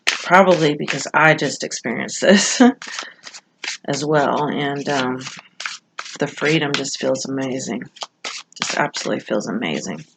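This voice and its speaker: A woman giving a casual tarot reading in an earnest, reassuring way, repeating phrases for emphasis with frequent pauses. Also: a bass voice, expressive, gravelly, noisy background. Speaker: tarot card reader.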